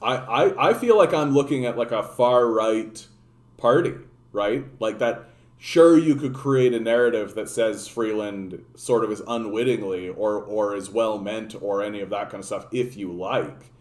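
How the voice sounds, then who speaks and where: Speaking at a measured pace in a lowish voice, a man from Canada delivers a sarcastic, profane political rant on his stream, full of fillers and false starts. The room echoes.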